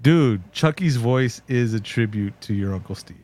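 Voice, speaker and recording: A man co-hosting a podcast who retells a story in a joking, animated way. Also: medium pitch, normal speed. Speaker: podcast co-host. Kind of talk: casual chat, telling a story.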